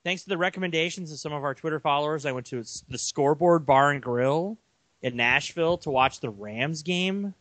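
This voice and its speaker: A young man co-hosts a relaxed sports podcast, his slightly raised voice racing through a rambling, animated anecdote. He keeps circling back and restarting his sentences as he goes. The sound is dry and close, with no room around it. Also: a little high, fairly quick, no echo. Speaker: podcast co-host. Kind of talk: casual sports podcast chat.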